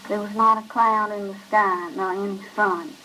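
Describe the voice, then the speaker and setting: A woman reads a short story aloud in a measured, even voice. Her pitch sits in a middle register and her pacing stays steady. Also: a little hiss or hum, poor audio. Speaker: reader. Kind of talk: scripted narration of a short story.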